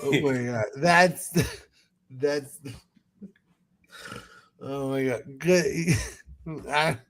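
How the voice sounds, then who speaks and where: A man's voice: medium pitch, very slow, fairly bright tone. A man hosting a podcast, ranting in casual chat with profanity and laughing asides. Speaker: podcast host.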